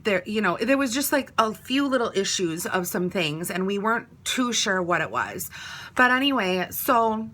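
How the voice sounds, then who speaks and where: A woman's voice: mid-range voice, pushed and bright. A woman, telling a personal story in a casual, chatty way, full of "like" and acted-out quotes. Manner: chatty, many "like"s, acts out quoted talk.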